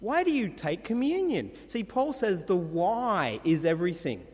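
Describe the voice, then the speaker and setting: A man preaches in a church, his voice sitting high and swinging up and down as he presses his points with rhetorical questions. The sound carries a long, echoing church reverb. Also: very animated, unhurried, breathy edge. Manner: emphatic, rhetorical questions, dramatic pitch swings. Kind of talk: sermon.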